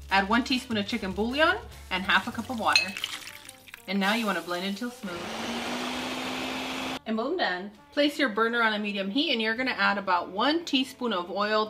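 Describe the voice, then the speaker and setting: A woman's voice: medium pitch, bright, forceful tone. A woman hosting a cooking channel, giving upbeat, chatty step-by-step recipe narration.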